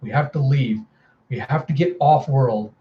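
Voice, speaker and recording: A man voicing a grim, protective father on the run, speaking low, urgent and terse. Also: a little slow, echoey room, dull audio, close to an everyday voice.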